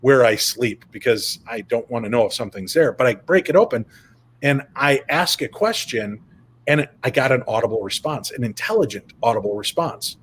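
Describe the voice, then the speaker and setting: A man guesting on an interview over a video call, telling stories in an animated, casual way. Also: medium pitch, normal speed, breathy edge. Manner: animated, retells events with quoted dialogue. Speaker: paranormal investigator guest.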